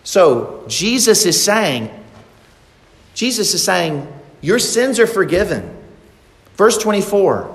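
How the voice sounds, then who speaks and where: A man with a fairly high voice preaches in an earnest, deliberate way, drawing out his key words. His voice rings through a large, reverberant church hall with a long echo. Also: very animated. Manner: earnest preaching, slows down for emphasis. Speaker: pastor. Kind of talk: sermon.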